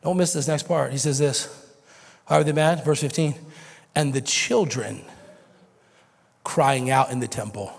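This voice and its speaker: An American pastor in his forties preaching a sermon, swinging from shouted intensity to a hushed near-whisper. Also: mid-range voice, measured pace, gravelly, pauses often. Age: 40s. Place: church sanctuary. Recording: reverberant church sanctuary.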